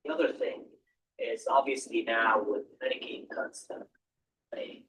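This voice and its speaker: A man's voice: medium pitch, a little slow, a bit bright. A man in the audience offers a rambling comment during a hospital Q&A. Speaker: audience member. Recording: distant from the mic.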